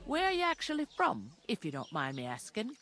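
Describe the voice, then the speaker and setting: A woman's voice: fairly high pitch, wildly swooping pitch, brisk, crowd noise. A woman voicing a chatty, earthy village tavern keeper in a game, talking in a folksy, gossipy way. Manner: gossipy, homely, folksy talk.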